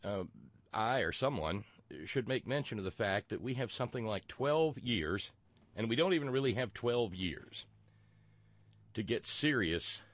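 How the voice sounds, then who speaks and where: A man's voice: lowish voice, expressive, measured pace, a bit bright, dry recording. A man with a Southern US accent from West Virginia, hosting a radio talk show in a folksy, rambling way with many fillers and restarts.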